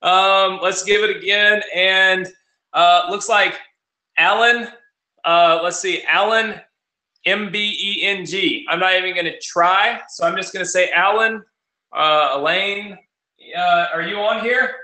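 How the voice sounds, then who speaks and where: A man hosting a live online cash giveaway, talking fast in a rapid-fire, auctioneer-like way. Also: sits high, steady tone, pushed and bright. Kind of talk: live-streamed webinar talk. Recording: roomy echo.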